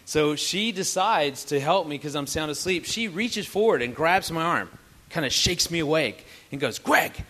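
Man with a bright, fairly high voice. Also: normal speed. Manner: playful, teasing, animated. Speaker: married couple's co-speaker at a family camp. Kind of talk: humorous storytelling to an audience.

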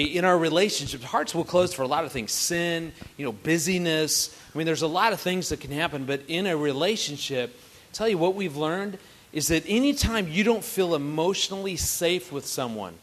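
A man in his forties teaches a group about marriage. His voice sits a little high for a man. He talks earnestly and grows animated as he makes his points. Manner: earnest, builds to animated storytelling.

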